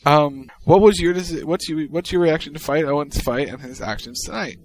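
A man's voice: a little high, brisk, low-quality recording. Wry man reading tweets on a podcast. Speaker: podcast co-host. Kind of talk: casual chat reading tweets.

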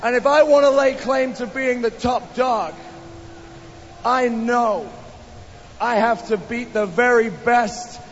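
A man with a very high voice speaks slowly and earnestly, weighing each line of a wrestling promo. The audio is muffled, with faint noise underneath. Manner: measured, earnest.

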